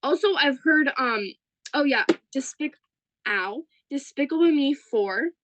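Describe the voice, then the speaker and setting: A young woman co-hosting a podcast in casual chat, excitable and chatty. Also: high voice, a little slow, noisy background. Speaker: podcast co-host.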